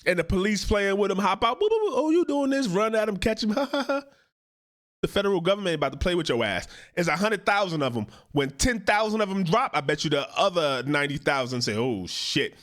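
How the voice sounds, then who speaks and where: A man's voice: high-pitched, expressive, a little fast, a bit bright. A man hosting a reaction commentary, talking in a profane, emphatic and indignant way. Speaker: host, commentator.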